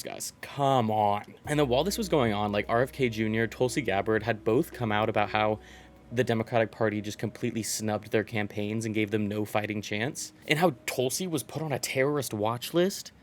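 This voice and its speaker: A man's voice: mid-range voice, expressive, quick pace. A man in his twenties from Virginia, rambling through a casual opinion vlog, swearing and laughing often. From Virginia, USA. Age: 20s. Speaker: vlogger.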